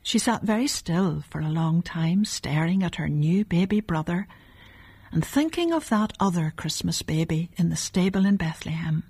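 A woman reading a story aloud, softly and often in a half whisper. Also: fairly low pitch, lively intonation, normal speed, slightly rough.

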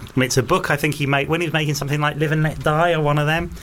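A man in casual conversation, musing in a relaxed way with many fillers. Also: fairly high pitch, very fast. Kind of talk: casual chat.

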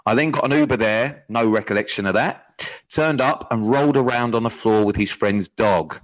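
A man reading out a young woman's embarrassing date story in an attempted Northern Irish accent, halting as he reads. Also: fairly low pitch, natural voice, rough recording. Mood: sheepish.

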